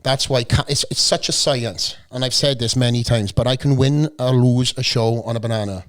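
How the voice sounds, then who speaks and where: Hoarse Welsh man telling swear-laced stories. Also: medium pitch, steady tone, moderate pace. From South Wales. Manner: swearing, storytelling, joking. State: a bit hoarse from a cold. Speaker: guest. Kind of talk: casual chat. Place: podcast studio.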